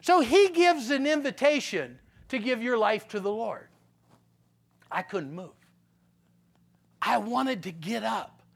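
Folksy high-voiced man preaching his testimony. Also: gravelly. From Pennsylvania. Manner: animated storyteller, swings from loud punchlines to low grave tones; folksy, talks straight to the audience with "okay?". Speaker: guest speaker giving a testimony. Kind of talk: testimony sermon, storytelling.

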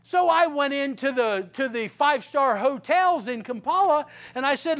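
High-voiced bright preacher in a sanctuary. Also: male voice, moderate pace, hardly any pauses. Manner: animated storytelling that drops to quiet, earnest teaching. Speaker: pastor. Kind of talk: sermon with storytelling. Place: church sanctuary.

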